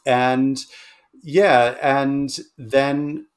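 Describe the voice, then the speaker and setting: A man's voice: mid-range voice, flat delivery, extremely slow, clear, resonant tone. An Australian man in a casual interview, explaining with many ums and restarts. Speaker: language researcher guest.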